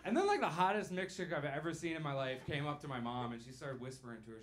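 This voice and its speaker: A man's voice: fairly high pitch, lively intonation, fast, hardly any pauses, a crowd in the background. A young man doing a stand-up set in a comedy club, loose and rambling, swearing and laughing at his own jokes, on a handheld mic. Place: comedy club stage with a live audience. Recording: live club recording with audible background noise.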